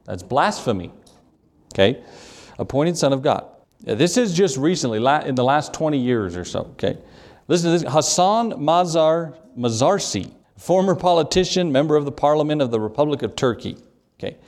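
A man's voice: a little high, sing-song, normal speed, darkish tone. A man preaching a sermon in a church, reading scripture aloud and hammering his points with emphatic repetition. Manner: emphatic, repeats key phrases, reads scripture in old English.

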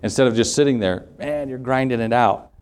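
A man's voice: mid-range voice, a little fast, darkish tone, clean tone. Man preaching an emphatic sermon. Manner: emphatic preaching, reading scripture aloud, rhetorical questions. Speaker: pastor.

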